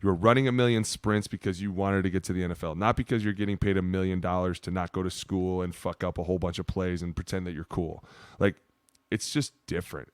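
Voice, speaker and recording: A man in his thirties, a podcast co-host telling stories in a loose, profane, animated way. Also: low-pitched, clean tone, dry recording. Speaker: podcast co-host, former player. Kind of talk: casual storytelling chat.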